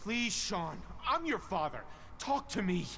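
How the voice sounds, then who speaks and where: A man's voice: high voice, sing-song, a little slow, crowd noise, full character voice. A man playing an anxious father pleading with his son in video game dialogue. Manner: pleading, tender, then demanding. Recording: game audio with faint background noise.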